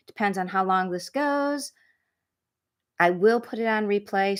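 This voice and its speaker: A woman's voice: mid-range voice, fairly bright tone. A middle-aged woman hosting a true crime live stream from home, chatting casually and rambling with many fillers and restarts. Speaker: true crime channel host.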